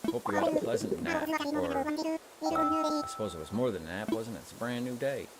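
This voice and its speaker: A man's voice: mid-range voice, big pitch swings, brisk, a loud crowd, voice pushed up, lightly acted. Tom Nook, a man doing a courteous raccoon shopkeeper with a Southern drawl. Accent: Southern US (put on). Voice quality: courteous, formal phrasing. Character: polite male raccoon shopkeeper, businesslike. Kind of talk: reading game dialogue aloud in a voice.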